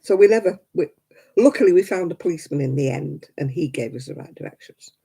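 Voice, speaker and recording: Chatty older woman, husky. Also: deep voice, animated, fast talker, dark tone. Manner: chatty, rambling, laughs often, talks to viewers by name. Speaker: livestream host. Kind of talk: casual live-chat crafting stream.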